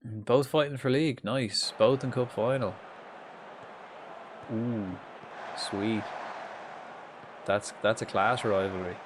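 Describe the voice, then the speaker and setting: Background noise accompanies this Irish streamer as he talks through a football management game live, his lowish voice taking things slowly with frequent pauses. He still swears freely, gets excited, and chats with the viewers in chat.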